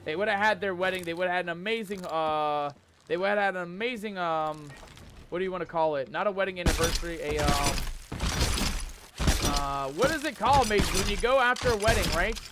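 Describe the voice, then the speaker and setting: A man's voice: high-pitched, fairly quick. A man streaming a pirate game who reads the chat aloud and talks in playful pirate slang. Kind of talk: live gameplay commentary. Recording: music playing under voice.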